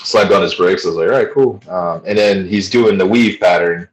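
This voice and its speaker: A man with a neutral American accent hosts a laid-back chat, spinning blunt, profanity-laced stories. His voice sits very low, and the recording rings with a roomy echo. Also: steady tone, moderate pace. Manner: blunt, swearing storyteller. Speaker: podcast host. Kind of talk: casual chat.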